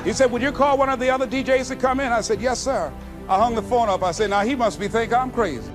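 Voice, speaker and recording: A man's voice: very high voice, fast talker. A man giving a motivational speech, telling stories and building to preacher-like swells. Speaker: motivational speaker. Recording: faint music behind.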